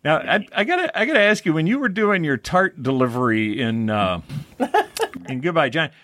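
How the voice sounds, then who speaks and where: Eager male interviewer, animated pitch. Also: normal speed. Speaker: podcast host, interviewer. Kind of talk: casual interview.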